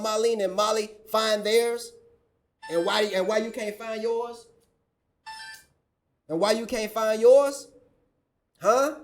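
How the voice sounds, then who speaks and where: A commentary channel host rants through a reaction video, scolding and preachy, quoting scripture along the way. His voice sits high and is slightly mellow.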